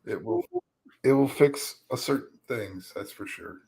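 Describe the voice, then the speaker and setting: A man with a gravelly, creaky voice chats casually as the show's producer. His replies come in a relaxed, laid-back way. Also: medium pitch, measured pace. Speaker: show producer. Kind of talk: casual chat.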